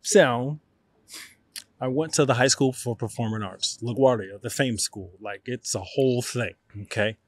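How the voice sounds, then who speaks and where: Lively New man telling stories. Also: medium pitch, unhurried, no room sound. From New York. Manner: lively, acts out quotes. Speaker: guest, actor. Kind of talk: animated storytelling.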